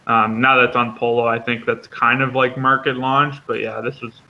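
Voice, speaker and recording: Male co-host, monotone, halting explainer, muffled call audio. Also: medium pitch, a little hiss or hum. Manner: flat, halting, many ums and uhs. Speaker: co-host running the chart segment. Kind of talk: casual explanatory talk.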